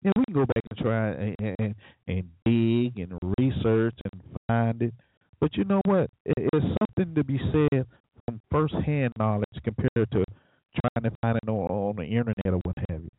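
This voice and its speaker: A man's voice: mid-range voice, normal speed, a little hiss or hum. A man hosting a talk show, delivering an opinionated monologue with sarcastic, preachy remarks and chuckling asides. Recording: tinny phone-like, dry.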